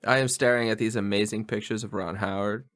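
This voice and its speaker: A man's voice: fairly low pitch, steady tone, fairly quick, a bit bright, clear, resonant tone. A man co-hosting a casual movie podcast, loose and profane, laughing often as he recaps scenes. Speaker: podcast co-host.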